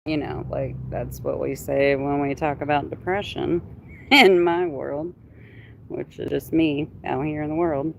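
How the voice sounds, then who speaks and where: Streamer, woman; slow, animated casual chat over a noisy phone stream with traffic behind. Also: deep voice, vocal fry. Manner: chatty, animated, talks to viewers. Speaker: livestreamer.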